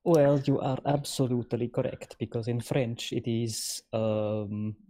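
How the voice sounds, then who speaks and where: Low, husky woman, formal and measured. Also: fairly even intonation, warm tone. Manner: measured and formal, with hesitant uhs. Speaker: podcast co-host. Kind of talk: casual chat.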